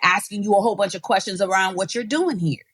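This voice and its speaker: The head of an education nonprofit, a woman, speaks passionately and emphatically as a guest in a conversational interview, restarting her sentences repeatedly. Her mid-range voice is fast, a bit bright and breathy-edged, with no room sound.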